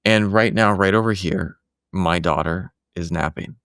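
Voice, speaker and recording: A man's voice: sits low, measured pace, fairly bright tone, smooth, no room sound, studio quality. A man who hosts podcasts, talking in a casual conversation from his home office and sharing earnest, reflective stories.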